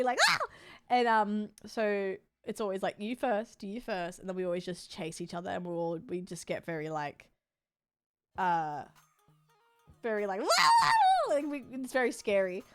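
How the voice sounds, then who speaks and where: A woman streamer chatting casually while she plays, rambling and frank, swearing freely with lots of fillers. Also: medium pitch. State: sore body.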